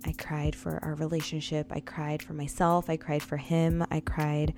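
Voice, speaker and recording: Casting: woman in her thirties with a low voice, casual confessional storyteller who keeps talking straight to viewers, faint music behind. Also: monotone, moderate pace, darkish tone. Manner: addresses viewers often, repeats lines for emphasis.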